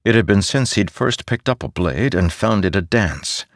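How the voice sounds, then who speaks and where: A man narrating a fantasy audiobook in an expressive storytelling way, close to a studio mic. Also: on the low side, moderate pace, dry recording.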